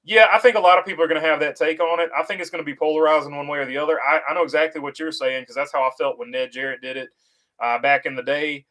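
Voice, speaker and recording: A man hosting a casual livestream, reading out viewer comments and answering them in a halting, easygoing way with lots of "uh" fillers and restarts. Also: fairly high pitch, fairly even intonation, bright, forceful tone, rough recording. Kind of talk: casual livestream chat about racing.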